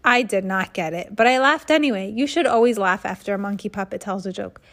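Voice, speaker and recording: A woman's voice: mid-range voice, brisk. Woman reading a kids' book aloud. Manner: lively, expressive reading with asides. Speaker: reader.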